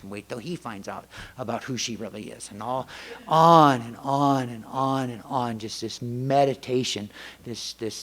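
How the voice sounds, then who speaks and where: A man's voice: medium pitch, a bit bright. A middle-aged American man speaking at a recovery meeting, telling family stories in a rambling, self-interrupting way and acting out the voices of his wife and son. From United States. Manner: rambling, self-interrupting storyteller who acts out family dialogue. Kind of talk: personal testimony talk. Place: meeting hall before an audience.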